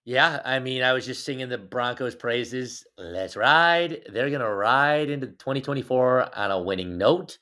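A man co-hosting a sports podcast, chatting casually and ribbing his partner as he makes his picks. His voice sits at an everyday middle pitch, and his talk is loose, jokey and full of banter. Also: moderate pace, few pauses. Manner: teasing, jokey, animated banter. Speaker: podcast co-host.

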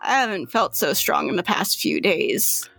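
Woman voicing confused young woman patient, hesitant, gravelly edge, dry sound. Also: fairly low pitch, big pitch swings, normal speed, no room sound, faint music behind, heavily acted. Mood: gentle. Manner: soft, apologetic, hesitant.

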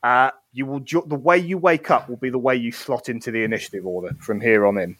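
A man's voice: mid-range voice, fast talker, a bit bright, no room sound. A man running a tabletop game as game master, narrating playfully and laughing often.

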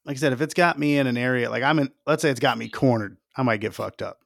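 A man's voice: mid-range voice, fast, gravelly, fairly bright tone, dry recording. Casting: a brash, boastful man co-hosting a podcast, swears a lot, dry close sound. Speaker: podcast co-host. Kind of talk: casual chat.

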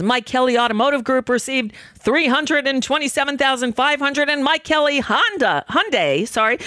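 A woman's voice: a little high, fairly bright tone, dry recording, clean studio sound. A woman hosting a political talk radio show, ranting angrily with profanity.

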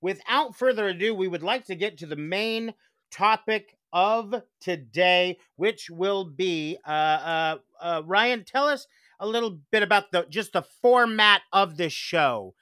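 Bright upbeat male podcast host. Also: high voice, unhurried, dry recording, clean studio sound. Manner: enthusiastic, chatty, many restarts. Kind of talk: casual podcast chat.

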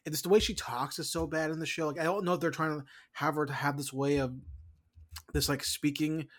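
A man's voice: fairly high pitch, steady tone, a little fast. Profane, rambling podcast co-host man. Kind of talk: casual chat.

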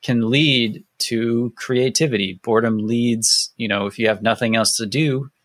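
A man's voice: mid-range voice, measured pace, fairly bright tone, dry recording. A man co-hosting a podcast, speaking hesitantly and thoughtfully in casual chat. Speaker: podcast co-host.

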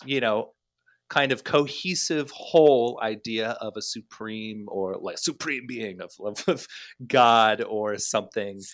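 A man as a podcast guest, telling stories in a rambling, animated way with lots of fillers. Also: mid-range voice, no echo, clean studio sound. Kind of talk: casual storytelling chat.

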